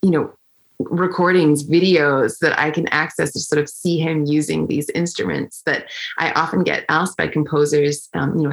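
A young woman flutist telling a story in a chatty, conversational way, full of fillers and restarts, getting animated when she quotes people. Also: deep voice, normal speed, gravelly. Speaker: flutist and interview guest.

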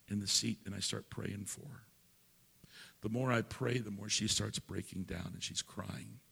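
An older man, a pastor, telling a story during a sermon in a folksy way, building into loud preaching. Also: on the low side, steady tone, normal speed, vocal fry, slightly rough, in a large hall.

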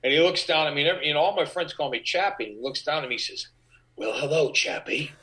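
Bright-voiced man telling animated stories. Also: fairly high pitch, rapid-fire, poor audio. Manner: animated, acts out quoted voices. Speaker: actor guest. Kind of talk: anecdotal storytelling.

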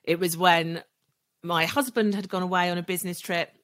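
A woman in her forties speaks as a podcast guest, telling her own story with candid, reflective honesty. Her voice sits on the lower side, and she lets it sink soft and quiet whenever she recalls the hardest moments. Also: steady tone, normal speed. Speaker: podcast guest, legal marketer.

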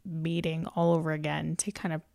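A woman's voice: low-pitched, monotone, a little fast, vocal fry, a little mellow, dry recording, clean studio sound. A young woman chatting casually about a movie, laughing often and reacting to her co-host. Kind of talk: casual movie recap chat.

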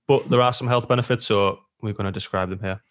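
A man's voice: on the low side, fairly even intonation, quick pace, fairly bright tone. A man co-hosting a podcast who talks in a casual, matter-of-fact and slightly skeptical way. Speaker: podcast co-host.

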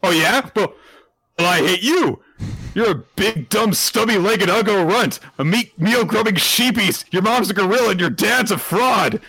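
A man's voice: sits high, big pitch swings, moderate pace, few pauses, slightly rough, dry recording, voice pushed up, heavily acted, rough recording. A man voicing a boastful, insulting rich boy in a raised, taunting voice. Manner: loud, taunting.

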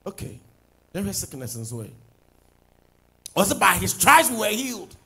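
A man preaching a sermon as pastor, swinging from loud declarations to low asides. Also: big pitch swings, normal speed, rough recording.

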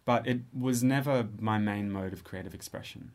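A man in his thirties with an Australian accent, a composer and musician talking through his work in a relaxed, thoughtful interview, often pausing and restarting. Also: lowish voice. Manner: thoughtful, hesitant, with frequent restarts. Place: studio space.

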